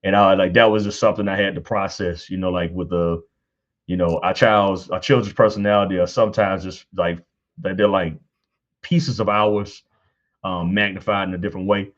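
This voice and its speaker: Deep-voiced man telling animated family stories. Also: moderate pace, dull audio. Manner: animated, laughs often, acts out quotes in high voice. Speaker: guest on church panel. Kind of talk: casual storytelling.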